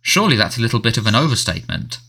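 A man voicing an irritable middle-aged male prime minister who blusters with sharp, indignant outbursts. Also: medium pitch, big pitch swings, very fast, slightly rough, heavily acted.

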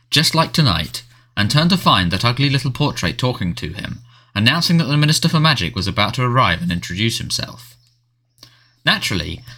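A man narrates a storybook for an audiobook, reading in a measured, expressive way at a medium pitch.

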